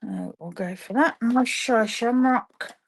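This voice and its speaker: Unhurried chatty woman making cards. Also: on the high side, creaky, husky. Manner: chatty, talks to viewers while working. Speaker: papercraft demonstrator. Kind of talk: live-streamed card-making demo. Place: home craft room.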